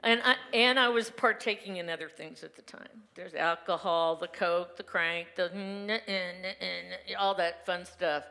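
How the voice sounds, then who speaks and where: A woman's voice: fairly low pitch, unhurried, vocal fry, hardly any pauses, sharp tone. A woman minister giving a candid, conversational Sunday sermon from her own life, laughing often. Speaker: reverend giving a Sunday message. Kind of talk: personal testimony sermon. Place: church sanctuary. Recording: reverberant sanctuary hall.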